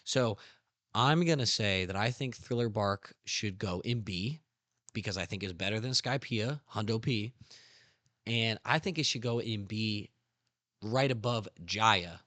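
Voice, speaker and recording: A young man hosting a casual podcast who talks excitedly, swears a lot and acts out scenes. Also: fairly low pitch, measured pace, no room sound. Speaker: podcast host. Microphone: studio podcast mic.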